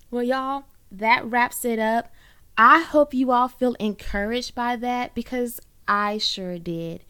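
A woman's voice: a little high, smooth. A woman hosting a short encouraging podcast, talking earnestly to listeners and saying y'all often. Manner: earnest, warm-hearted, uses y'all and folksy phrasing. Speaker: podcast host. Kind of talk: encouraging faith podcast monologue. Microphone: own microphone.

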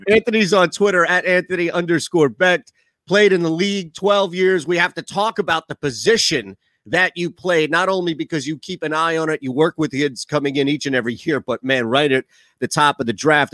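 Bright-voiced joking sports radio host. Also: male voice, a little high, dry recording. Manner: joking, animated teasing. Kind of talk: casual sports talk.

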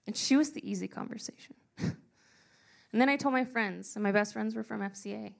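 A young woman telling a personal story to a live audience, earnest and emotional, slowing down for emphasis. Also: mid-range voice, creaky. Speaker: speaker sharing a personal story.

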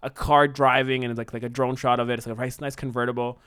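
A man talks fast and loosely, piling up fillers as he pitches a movie scene to his co-host. His voice is smooth and clear. The sound is close and dry. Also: no echo. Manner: animated, rambling storytelling with many fillers. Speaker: podcast co-host. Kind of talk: casual brainstorming chat.

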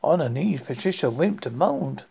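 A man's voice: fairly high pitch, lively intonation, moderate pace, gravelly, mellow, slightly rough, muffled recording. A man hosting a horror podcast, reading a story aloud with frequent stumbles and restarts.

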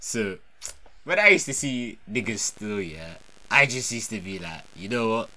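A man's voice: lowish voice, big pitch swings, a little slow, sharp tone. A young man, in casual chat, teasing and laughing. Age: young adult.

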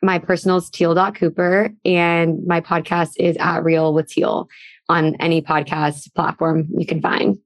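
A woman guest on a casual podcast chat with a slightly low voice. She talks loosely, with plenty of "like" fillers, and the recording sounds dry and close. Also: level tone, measured pace, dry recording. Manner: casual, filler-heavy with frequent "like".

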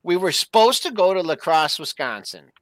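A middle-aged man co-hosting, telling a weekend story with lively enthusiasm. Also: high voice, normal speed, no echo. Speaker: co-host. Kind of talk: casual storytelling chat.

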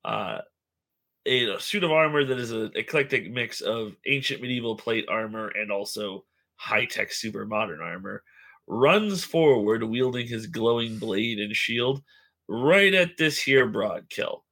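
A man's voice: mid-range voice, expressive, a little slow, a bit bright. A man playing a tabletop game online, describing his character's actions with many fillers and restarts. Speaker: player. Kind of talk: tabletop game play over voice chat.

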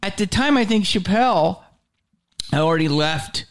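Brash storytelling man, somewhat high voice. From Philadelphia, USA. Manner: animated, profane storytelling with quick impressions of others. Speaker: podcast host. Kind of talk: casual comedy-shop chat.

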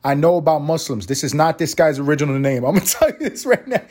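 A man's voice: fairly high pitch, big pitch swings, fast, a little mellow. A young man, hosting a solo podcast, ranting profanely and sarcastically while reading news aloud and riffing on it. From Harlem, New York. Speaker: podcast host.

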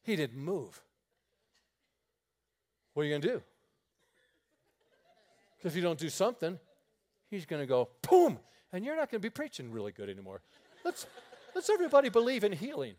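Male pastor, high voice that leaps all over, animated story-driven sermon. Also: moderate pace, pauses often. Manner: animated storytelling with frequent laughter.

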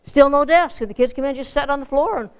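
A woman's voice: high-pitched, fast talker, highs cut off. A woman preaching a folksy, earnest sermon to a congregation, rising to fervent emphasis. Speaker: church speaker.

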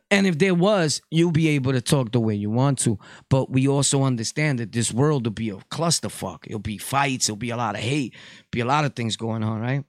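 It's a studio-quality, dry recording of a man with a medium-pitched, animated voice talking at normal speed. He's a Puerto Rican podcast host giving a casual monologue, blunt and profane in the manner of street talk.

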